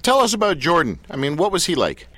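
A man hosting a talk show, asking questions in a playful, animated way. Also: on the high side, quick pace.

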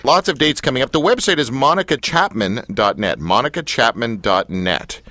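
A man hosts a radio show from the studio, bantering and teasing his guest. His voice is bright and lively, with a dry, close sound. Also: mid-range voice, dry recording. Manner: jokey, teasing, quick banter. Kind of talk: casual studio chat with a guest.

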